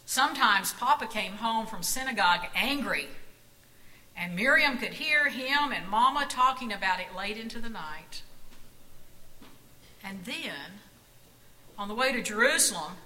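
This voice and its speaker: A woman reading a children's Bible story aloud, slow and expressive. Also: a little high, low-quality recording.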